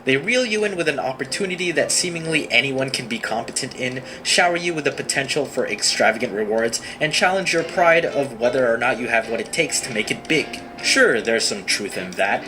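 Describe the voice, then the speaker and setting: A man's voice: medium pitch, lively intonation, a little fast, few pauses, music in the background. A man in his thirties giving wry, self-mocking scripted comic narration of his own story. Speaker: animated storyteller. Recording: noisy played-back video clip.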